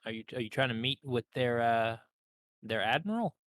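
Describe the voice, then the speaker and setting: Man, game master, tabletop narration, halting delivery, dry close sound. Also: medium pitch, expressive, fairly bright tone, dry recording, poor audio.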